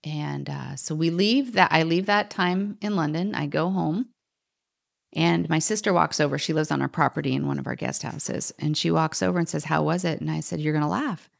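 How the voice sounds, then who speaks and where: A middle-aged woman telling a personal story as a podcast guest, animated, quoting others and sometimes dropping to a whisper. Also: low voice, moderate pace, gravelly. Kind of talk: storytelling in conversation.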